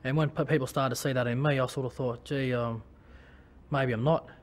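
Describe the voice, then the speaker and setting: An Australian man talking about his own life in a personal testimony. He speaks in a halting way, with many restarts and fillers. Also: medium pitch, fairly even intonation. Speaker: former rugby league player.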